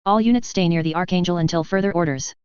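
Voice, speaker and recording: A woman doing a veteran male squadron leader in a storybook reading, calm and commanding. Her voice is very smooth and lowish, the recording dry and dull. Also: fast talker, no echo, natural voice. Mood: steady.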